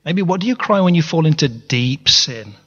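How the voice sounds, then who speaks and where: A man's voice: on the high side, lively intonation, normal speed, fairly bright tone, slightly rough. A man preaching a sermon in a church, earnest, often restarting his words and asking the congregation questions. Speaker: pastor. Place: church hall. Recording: reverberant hall, dull lo-fi sound.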